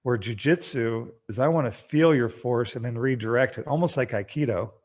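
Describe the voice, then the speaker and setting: A man speaking as a podcast guest, an energetic storyteller who acts out bits of dialogue. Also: medium pitch, moderate pace. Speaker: guest, treatment center founder. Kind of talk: podcast interview.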